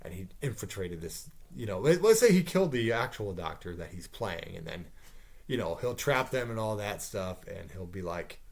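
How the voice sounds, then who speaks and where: A man talking off the cuff to camera, pitching a movie idea in a rambling way with asides and mild swearing. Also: sing-song, normal speed, vocal fry. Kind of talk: casual off-the-cuff monologue.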